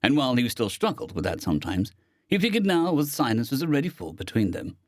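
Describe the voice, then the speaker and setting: A man narrating a science fiction story as an audiobook reader, expressive in delivery. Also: medium pitch, fast talker, dry recording, clean studio sound. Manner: expressive, with lively intonation.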